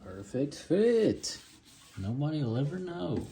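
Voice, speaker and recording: A man's voice: a little high, sing-song, slow pace, dark tone, slight background noise. A man casually vlogging at home in his kitchen, rambling, joking and teasing his dogs as he works.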